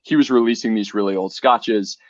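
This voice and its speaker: A man's voice: fairly low pitch, fairly quick, dry recording. Man talking over a dull dry line. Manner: animated, restarts sentences, repeats words. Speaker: whiskey brand co-founder, guest. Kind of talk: casual conversational interview.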